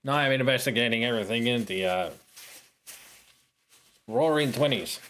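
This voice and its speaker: In a medium-pitched voice at normal speed, a man chats and jokes his way through a retro adventure game on stream. The commentary is casual, animated, and playful.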